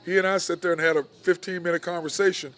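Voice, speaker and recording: Chatty man, slightly high voice. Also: fairly even intonation, fast, fairly bright tone. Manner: laid-back storytelling, laughs a lot. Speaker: podcast host. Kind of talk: casual chat. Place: bar.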